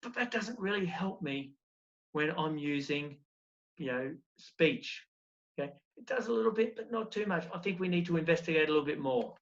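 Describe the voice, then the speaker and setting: A man's voice: fairly high pitch, animated, normal speed, highs cut off. A man teaching a recorded primary school lesson, explaining step by step and asking encouraging questions.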